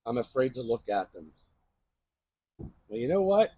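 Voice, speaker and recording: Husky, chatty man reviewing knives. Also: medium pitch, sing-song, unhurried, warm tone, dry recording. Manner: chatty, rambling, keeps asking "right?". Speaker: knife channel host. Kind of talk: casual show-and-tell review.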